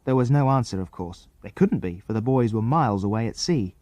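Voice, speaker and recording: A man narrating a children's adventure audiobook in an expressive, lively reading style. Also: fairly low pitch, fairly quick, no room sound. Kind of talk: scripted storybook narration.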